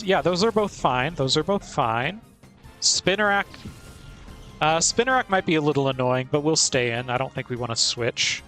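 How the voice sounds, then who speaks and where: Chatty playful man, slightly high voice. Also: fairly bright tone. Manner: chatty and playful, laughs often. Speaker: streamer. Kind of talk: casual gameplay commentary.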